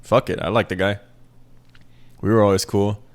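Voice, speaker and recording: Young midwest guy rambling on his podcast, kinda low voice, self-deprecating, cusses a lot. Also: little pitch movement, moderate pace. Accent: plain Midwestern American. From American Midwest. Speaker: podcast host. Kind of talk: casual solo podcast chat.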